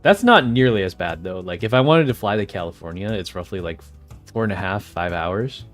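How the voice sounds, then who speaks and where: A man's voice: deep voice, expressive, fairly quick, faint music behind. A man streaming live and chatting casually with viewers, rambling and easily distracted, often laughing. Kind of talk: casual chat with livestream viewers.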